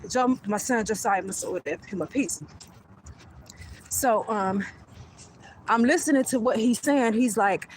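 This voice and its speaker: A woman, speaking a little high, vents a story into her phone while walking outside. She is animated and blunt and swears freely. A faint hum of passing cars sits under her voice. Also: measured pace, long pauses, rough recording. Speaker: vlogger. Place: outdoors on a street.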